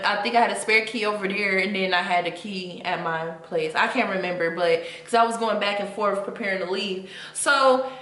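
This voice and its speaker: Young woman vlogger, fairly high and bright, profane and heated, echoey room. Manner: heated, profane, venting to viewers. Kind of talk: casual storytime rant.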